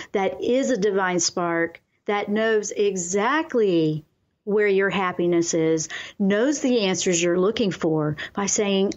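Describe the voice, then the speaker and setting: Woman, talk radio host, earnest coaching tone, muffled lo-fi sound. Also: fairly high pitch. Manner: earnest, coaching, repeats affirmations. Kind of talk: spiritual self-help talk radio.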